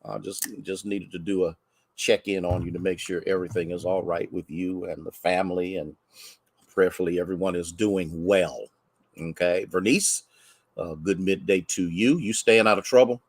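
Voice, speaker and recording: An American man, a pastor, chatting warmly with livestream viewers and greeting them by name, a bit congested from sneezing. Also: low voice, fairly even intonation, moderate pace, no room sound.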